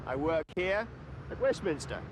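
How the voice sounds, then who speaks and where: A man with a standard Southern English accent from London, a political correspondent speaking in a measured, formal way. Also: a little high, sing-song, background noise. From London, England. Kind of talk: scripted self-introduction.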